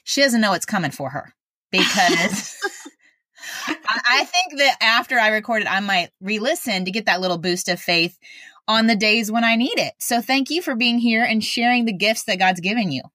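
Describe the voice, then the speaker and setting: A woman's voice: medium pitch, moderate pace, bright, forceful tone, no room sound, studio quality. A woman hosting a faith-based parenting podcast, talking in an earnest, chatty way and laughing easily. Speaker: podcast host. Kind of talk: casual podcast chat and ad read.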